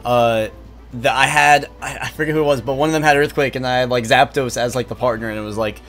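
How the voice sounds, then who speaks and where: A man hosting co-op gameplay commentary, excitable, swearing freely and bursting into loud exclamations. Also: medium pitch, fast talker, faint music behind. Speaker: gaming channel host.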